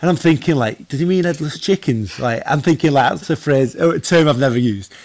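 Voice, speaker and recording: A man from northwest England, a former goalkeeper and podcast guest, telling stories in a casual chat, animated, with many fillers and restarts. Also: on the high side, brisk.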